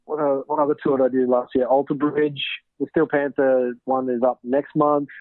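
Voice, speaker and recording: A man's voice: medium pitch, little pitch movement, moderate pace, no room sound. An Australian man, a podcast guest, talking easily over a call, with loose fillers and laughs. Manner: easygoing, laughs along, hesitant fillers. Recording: dry tinny phone line.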